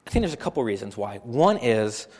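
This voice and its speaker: A man preaching a sermon as pastor, animated and full of rhetorical questions, often repeating phrases for emphasis. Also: mid-range voice, fairly quick, in a large hall.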